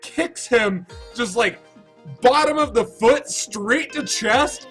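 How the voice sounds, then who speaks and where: A man in his thirties telling a story to his Twitch chat, rambling and excitable with lots of restarts. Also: extremely high pitch, takes it slowly, soft background music, rough recording. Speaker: Twitch streamer. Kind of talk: casual storytelling to stream chat.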